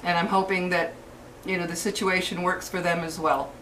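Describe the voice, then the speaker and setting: An older woman, a grandmother, delivering a furious cursing rant to her viewers with halting restarts. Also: lowish voice, flat delivery, fairly bright tone. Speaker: vlogger. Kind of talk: angry rant to camera. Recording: distant mic with faint background hiss.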